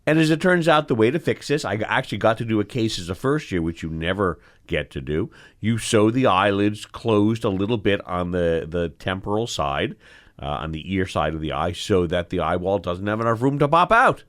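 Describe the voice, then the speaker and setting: A middle-aged man, an eye doctor hosting the show, telling stories from his training in an animated, expressive way that acts out the scenes. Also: lowish voice, normal speed. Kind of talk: storytelling in casual conversation.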